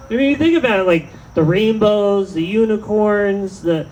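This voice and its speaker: A man's voice: sits high, measured pace, a little mellow, a little hiss or hum, poor audio. A man doing a rambling, self-deprecating stand-up set in an outdoor tent, often trailing off mid-thought. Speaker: stand-up comedian.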